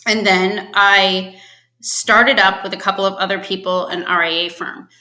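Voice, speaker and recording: Woman podcast guest, lively storyteller, bright tone, slightly roomy sound. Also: medium pitch, moderate pace. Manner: chatty storyteller, acts out quotes with laughs. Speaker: podcast guest, finance executive. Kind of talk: casual interview chat.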